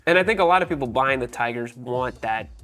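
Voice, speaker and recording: A man's voice: medium pitch, lively intonation, fast talker, a bit bright, soft background music. A man hosting a motorcycle show, chatting casually and animatedly with frequent "like" and jokes. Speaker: motorcycle channel host. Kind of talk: casual chat.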